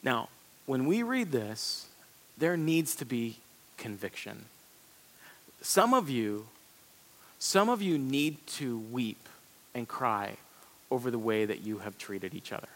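A man preaching a sermon as pastor, in a conversational, animated way with quick asides. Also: medium pitch. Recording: long hall reverb.

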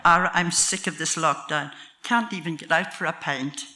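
A woman's voice: low-pitched, fairly even intonation, normal speed, pushed and bright. An older woman with a Northern Irish accent voicing her plain-spoken, grumbling older husband in a told story.

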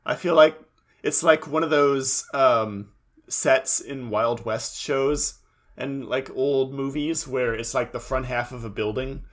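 A man's voice: mid-range voice, slow. A man co-hosting a podcast in casual chat, adding dry, sardonic remarks. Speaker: podcast co-host.

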